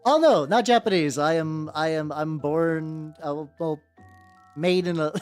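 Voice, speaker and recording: An American woman streams as a VTuber while painting miniatures, chatting casually with viewers in a rambling, profane way. Her voice is low, unhurried and somewhat dark, with faint music in the background.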